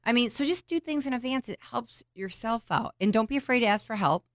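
A woman's voice: a little high, animated, fairly quick, no room sound, studio quality. A woman co-hosting a podcast in casual chat, practical and giving tips step by step. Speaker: podcast co-host.

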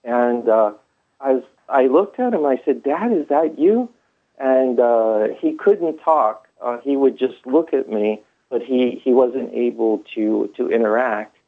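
Gravelly man telling his story over a phone line. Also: mid-range voice, animated, unhurried. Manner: rambling, many fillers and restarts. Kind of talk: first-person storytelling.

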